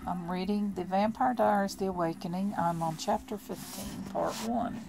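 A woman reading a novel aloud in a plain, steady amateur style with small restarts. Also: mid-range voice, normal speed, creaky, background noise. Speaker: audiobook reader.

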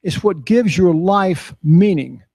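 A man's voice: sits high, slow, creaky, slightly rough, no echo, studio quality. An older man from Texas, telling a story in a folksy way and voicing the people he quotes. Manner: folksy, animated when quoting others. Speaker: speaker. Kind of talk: storytelling talk.

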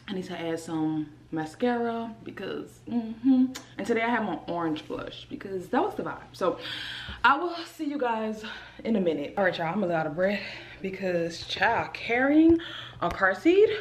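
A woman's voice: medium pitch, normal speed, roomy sound, slight background noise. A young woman with a Southern US accent talking casually and animatedly to her viewers in a home vlog. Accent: Southern US, New Orleans area. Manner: animated, addresses viewers as y'all and child. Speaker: vlogger.

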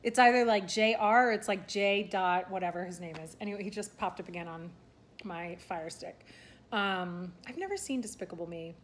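A young woman, a vlogger and aspiring content creator, chats casually in a talking-head vlog, rambling with lots of fillers and restarts. Her mid-range voice moves at a normal speed, with a little hiss or hum in the recording.

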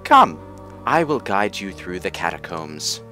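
A man voicing a gentle, motherly goat woman caretaker in a soft, formal manner while playing a game. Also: low-pitched, sing-song, unhurried, music in the background.

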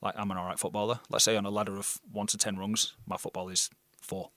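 A man's voice: on the low side, fast, dry recording. Blunt, sweary British man, dry close sound. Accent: non-RP British. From Britain. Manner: blunt, swears freely, animated storytelling. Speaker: actor guest. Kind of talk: casual interview chat.

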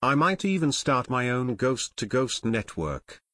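A man's voice: medium pitch, very animated, a little slow, fairly bright tone. A man reading aloud voicing a stout, food-loving teenage boy who boasts and jokes, in an audiobook. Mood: jokey. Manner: boastful, joking.

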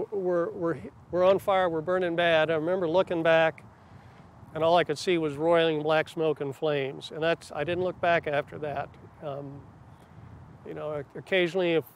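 A man's voice: fairly high pitch, a little hiss or hum. An older man, a former helicopter crewman, earnestly recalling a burning aircraft in a documentary interview.

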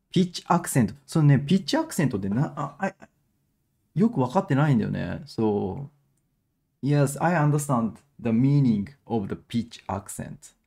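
A young man runs a live-streamed language lesson, switching between English and as he works things out aloud. His pitch swings widely, and his tone is dark and mellow. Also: expressive, quick pace, creaky, breathy edge. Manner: mixes English and Japanese, thinks aloud with restarts. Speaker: Japanese teacher.

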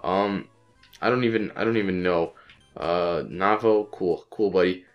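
A man's voice: deep voice, highs cut off, soft background music. Sick-sounding young man cursing at a game. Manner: frustrated, swearing, repeats phrases in quick bursts. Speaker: gaming channel host. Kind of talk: casual let's-play commentary.

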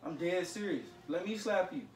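A man's voice: sits high, moderate pace, distant mic, faint music behind. A man scolding his younger brother in casual talk, lecturing and swinging between stern and joking. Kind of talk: casual prank video talk. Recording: roomy, from off-mic.

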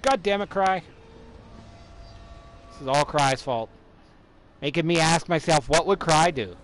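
A man streaming live gameplay, an excitable streamer who yelps and swears at the game. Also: on the high side, unhurried, heavy background noise. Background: loud game music and sound effects.

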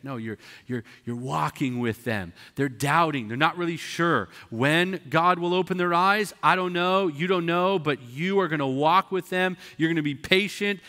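Preaching in a church sanctuary with a long hall reverb, a man speaks in a fairly high, fairly bright voice. He's emphatic and conversational, voicing the characters in his sermon himself.

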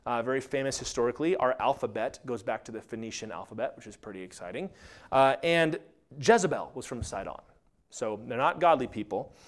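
A man preaching a sermon as pastor, animated and acting out quotes along the way. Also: medium pitch. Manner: animated, acts out quotes and asides.

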